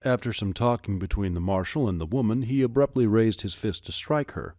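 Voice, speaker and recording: Low-voiced man narrating an audiobook. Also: a little fast, no echo, studio quality. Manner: expressive storytelling delivery. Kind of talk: first-person audiobook narration.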